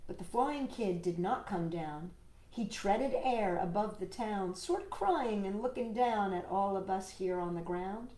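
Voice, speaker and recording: A woman reads a children's storybook aloud, slow and unhurried, her voice rising and falling in a lively sing-song way. Her pitch sits a little high for a woman. The room gives her a roomy echo, with faint music somewhere underneath. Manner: gentle, expressive storyteller who talks to a puppet. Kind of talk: reading a picture book aloud to children.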